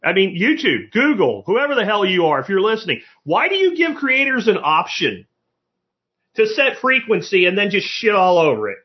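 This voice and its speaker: Guy hosting a live stream podcast, higher voice, swears a lot and talks straight, kinda dull lo-fi sound. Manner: blunt, profane ranting. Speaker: podcast host. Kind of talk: casual live-stream talk.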